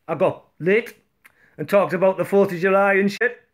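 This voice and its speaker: A man's voice: high voice, normal speed. Laid-back, crude man in a comedy sketch.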